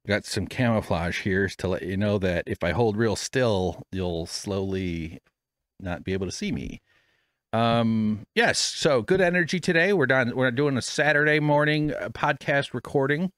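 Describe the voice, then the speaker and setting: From his home studio, a podcast host with a lowish yet fairly bright voice rambles through casual chat, cursing freely and putting himself down. He uses a studio microphone with headphones, and there's no room sound.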